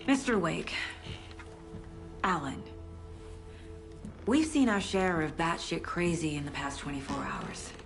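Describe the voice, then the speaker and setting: An actress playing a steady, probing female investigator who questions calmly. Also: sits low, vocal fry, music in the background, full character voice. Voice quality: steady, measured, skeptical.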